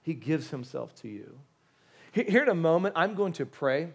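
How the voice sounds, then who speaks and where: Man, pastor, sermon, fairly high pitch, conversational, stammering restarts, pleading, joking asides. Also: sing-song, moderate pace, gravelly, husky. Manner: casual slang, joking asides.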